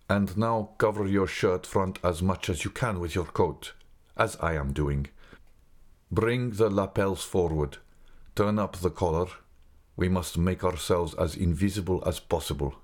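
A grave, secretive guide in an audiobook, slow and measured with a mournful weight, as a man reads him. His voice sits very low and unhurried.

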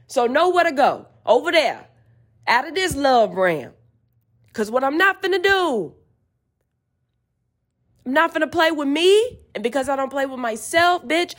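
Fiery, profane woman with a lively high voice. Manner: profane, fiery, preachy and emphatic. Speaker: podcast host. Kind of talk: emphatic spiritual rant.

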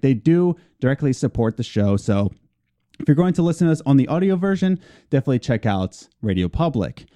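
A man's voice: medium pitch, dark tone. A man co-hosting a casual gaming podcast, reading plugs and news with playful, teasing asides. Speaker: podcast co-host.

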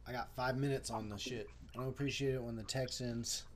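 A man from Minnesota co-hosting a live stream, talking in a laid-back, slangy way that swings from low mumbles to loud bursts. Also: steady tone, brisk, slight background noise. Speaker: live show co-host. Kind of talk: casual stoned chat. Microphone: livestream mic.

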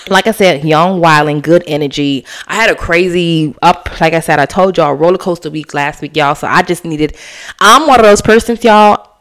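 A woman hosting a casual solo podcast, animated and chatty, slipping into slang and cussing. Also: fairly low pitch, normal speed. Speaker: podcast host.

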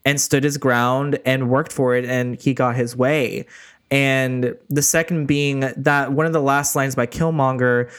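A man's voice: medium pitch, fairly even intonation, measured pace, a bit bright, clean tone. A man co-hosting a casual chat show, telling stories earnestly and laying out his points in order.

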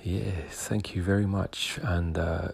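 A man's voice: sits low, flat delivery, slow pace, creaky, husky. A man hosting a podcast, answering listener messages in casual chat, hesitant and full of ums and uhs. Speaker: podcast host.

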